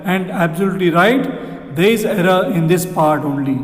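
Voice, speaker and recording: A man with an Indian English accent, teaching exam grammar, who repeats sentences slowly and asks rhetorical questions. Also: sits high, animated. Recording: echoey room with long reverb.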